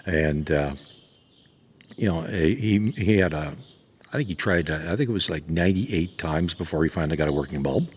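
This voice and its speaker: A man with a deep, slightly rough voice gives a casual spoken lesson on horse training at a moderate pace, with horses audible nearby. He rambles in a folksy manner, full of fillers and restarts.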